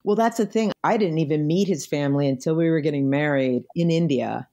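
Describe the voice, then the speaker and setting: Low mellow middle-aged woman, chatting reflectively in a podcast interview, telling her story. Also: brisk. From United States. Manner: reflective storytelling, warm and earnest. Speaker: podcast guest. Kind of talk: conversational interview.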